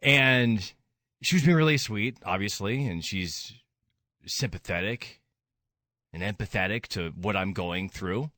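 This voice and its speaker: A man's voice: fairly low pitch, unhurried, pushed and bright, no room sound, clean studio sound. A man hosting a radio show, talking rawly about grief and rising into anger. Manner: raw, grieving, rises to anger. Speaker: radio host. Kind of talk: emotional radio talk.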